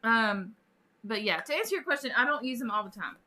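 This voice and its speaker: Chatty high-voiced woman streamer. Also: animated, brisk, pushed and bright. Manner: chatty, reads out chat and greets viewers by name, laughs often. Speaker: live stream host. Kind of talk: casual live-stream chat with viewers.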